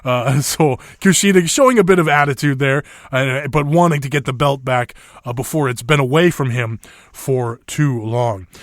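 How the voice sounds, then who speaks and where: A man's voice: on the high side, fairly bright tone, no room sound, studio quality. A man hosting a wrestling podcast, chatting casually with fillers and swearing freely. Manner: laid-back, swears freely, frequent fillers and laughs. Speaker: podcast host.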